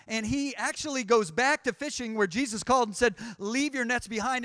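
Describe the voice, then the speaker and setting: A pastor delivers a sermon in a notably high voice for a man, close to the mic with almost no room sound. He builds his points through repeated phrases, often restarting a sentence before pushing on. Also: fairly bright tone, dry recording. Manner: preaching with rising intensity and repeated restarts. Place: church sanctuary.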